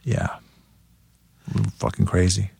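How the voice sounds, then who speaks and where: A man's voice: low-pitched, flat delivery, slow, gravelly, darkish tone, breathy edge, no echo, studio quality. A man, a guest musician, telling wild road stories in casual chat, swearing freely and laughing as he goes. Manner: profane, laughing as he tells stories. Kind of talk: casual storytelling.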